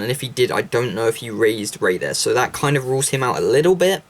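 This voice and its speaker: Young man, casual monologue, mid-pitched voice, lots of ums and restarts as he thinks aloud. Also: lively intonation, fast talker. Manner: rambling with many ums and restarts. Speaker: video creator discussing film theories.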